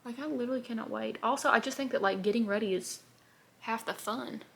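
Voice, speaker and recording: A woman's voice: fairly high pitch, quick pace, gravelly, a bit bright. A young woman, chatting in a bubbly, rambling way while doing her makeup on camera. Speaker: beauty vlogger. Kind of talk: casual get-ready-with-me chat.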